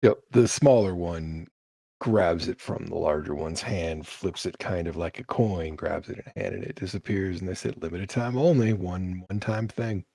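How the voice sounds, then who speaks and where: A man's voice: sits low, moderate pace, gravelly, husky, dry recording, clean studio sound. A man narrating a tabletop game as game master, describing scenes and shop merchants. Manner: animated, voices merchants in character.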